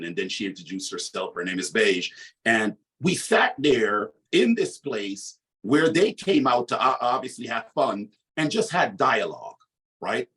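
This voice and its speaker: A man's voice: mid-range voice, sing-song, normal speed, fairly bright tone, recorded from a distance. A man with a West Indian accent, a guest telling a personal story in an open, conversational way. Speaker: interview guest. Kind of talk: candid anecdotal storytelling.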